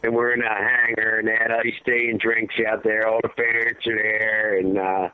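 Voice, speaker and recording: A man's voice: level tone, moderate pace, no room sound. Impassioned man on a tinny phone line. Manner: impassioned, rambling, drops to a heavy low voice. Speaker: guest, father of a fallen soldier. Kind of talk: emotional storytelling interview. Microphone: phone call.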